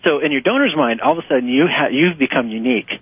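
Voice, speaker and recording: Husky man on a phone line. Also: medium pitch, fast, no echo. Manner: animated, laughs often, acts out quotes in a raised voice. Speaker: author and nonprofit fundraising guest. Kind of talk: conversational interview answers. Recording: muffled phone-line audio.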